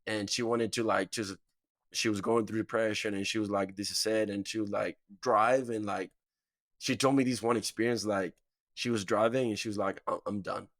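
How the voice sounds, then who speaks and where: A man's voice: on the low side, fairly even intonation, moderate pace, fairly bright tone, no room sound. A man hosting a podcast, talking in a laid-back, slangy way with lots of fillers. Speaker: podcast host. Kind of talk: casual interview chat.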